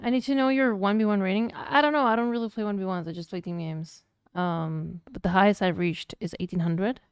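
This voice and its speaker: Woman with Latin American Spanish accent, teasing stream chat, smooth clear voice, dry close sound. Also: mid-range voice, steady tone, brisk, no room sound. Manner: playful, teasing, chatty. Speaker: streamer's partner answering chat.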